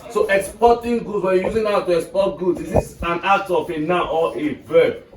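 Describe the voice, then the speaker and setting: Nigerian male teacher, fairly high voice, heard from across an echoey classroom; drills students with questions. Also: steady tone, moderate pace. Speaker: English teacher. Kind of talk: classroom lesson. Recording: echoey classroom, mic far off, faint noise.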